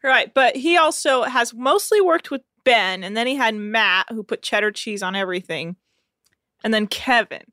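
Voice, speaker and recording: A woman's voice: on the high side, expressive, normal speed, sharp tone, no room sound, clean studio sound. A woman co-hosting a podcast in casual chat, sarcastic, swearing freely and laughing often. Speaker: podcast co-host.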